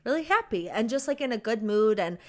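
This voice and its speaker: A woman in her twenties co-hosts a casual podcast. Her voice sits a little high and swings widely as she tells bubbly stories, laughing often. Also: animated, a little fast, darkish tone. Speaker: podcast co-host. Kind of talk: casual chat.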